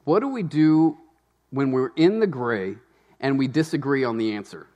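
A man, a pastor, preaching a sermon in a conversational, animated way with asides to the congregation. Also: medium pitch, moderate pace, lo-fi sound.

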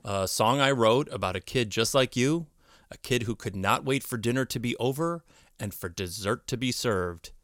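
A man hosting a children's podcast in a gentle, playful way. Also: mid-range voice, moderate pace, no room sound, studio quality. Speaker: podcast host and children's musician.

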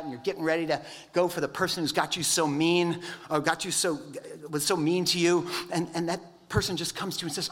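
A man preaching a sermon, telling stories in a conversational, animated way. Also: fairly high pitch, a little fast, in a large hall. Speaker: pastor.

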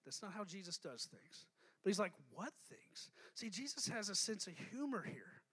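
A male pastor preaching a lively sermon, joking and calling on the congregation to respond. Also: high voice, normal speed, breathy edge.

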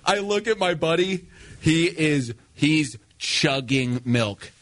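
A man's voice: on the high side, expressive, takes it slowly, fairly bright tone, dry recording. A man telling a story in casual chat, acting out quoted voices and laughing as he goes.

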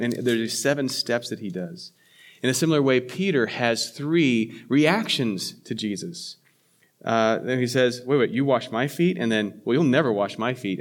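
A man, a pastor, preaching a sermon in a conversational way, with frequent fillers, restarts and self-corrections. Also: mid-range voice.

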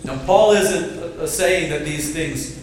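Engaging pastor preaching in echoey church. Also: male voice, a little high, takes it slowly, noisy background. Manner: engaging, draws the congregation into call-and-response. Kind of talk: sermon. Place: church sanctuary. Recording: very echoey church hall, distant mic.

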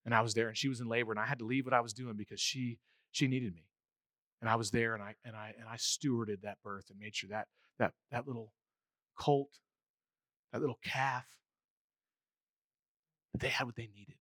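A male preacher voicing a devoted farmer who quietly remembers a birth he helped with. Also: mid-range voice, steady tone, moderate pace, pauses often, no echo, pitched below the performer's own voice, lightly acted. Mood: earnest. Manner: hushed, earnest, reflective. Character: devoted hardworking farmer, earnest.

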